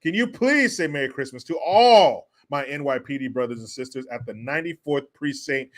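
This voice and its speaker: A man's voice: mid-range voice, animated, moderate pace, few pauses. A middle-aged man hosting a commentary show, ranting angrily and sarcastically with a lot of swearing while he reads out viewer messages.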